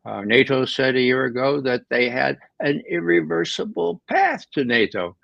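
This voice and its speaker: A man with a gravelly, fry-edged voice gives emphatic political commentary as a guest, often doubling back on his words. The sound is dry and somewhat dull, with little room around it. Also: medium pitch, expressive, moderate pace, fairly bright tone, no echo. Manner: emphatic, with frequent repeated words and restarts. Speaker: guest analyst.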